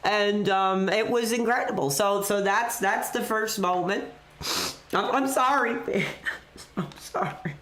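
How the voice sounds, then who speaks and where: A woman hosting a live wrestling stream, talking off the cuff with constant "you know" fillers. Her pitch sits in an ordinary middle range. The sound is roomy, with a noticeable echo around her. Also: a little slow, a bit bright. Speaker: live wrestling show host.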